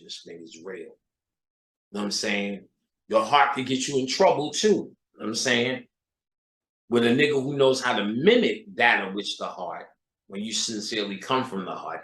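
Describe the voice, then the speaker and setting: An occult lecturer with a medium-pitched, fairly bright voice gives a freewheeling, profane lecture in an echoey room. He is emphatic and rhetorical, keeps checking in with his listeners, and repeats lines for punch.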